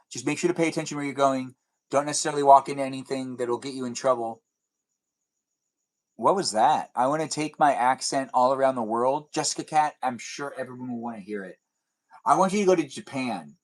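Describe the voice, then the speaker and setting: A man's voice: mid-range voice, low-quality recording. A man on a live stream, talking loosely and playfully to the people watching. He wanders from thought to thought and slips into goofy little back-and-forth scenes. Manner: rambling, playful, acts out silly imagined dialogues. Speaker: livestreamer. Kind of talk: casual live-stream chat with viewers.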